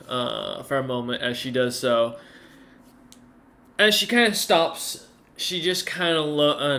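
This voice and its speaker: A man's voice: mid-range voice, pushed and bright. A man running a tabletop game as game master, narrating in a hesitant way full of fillers and restarts.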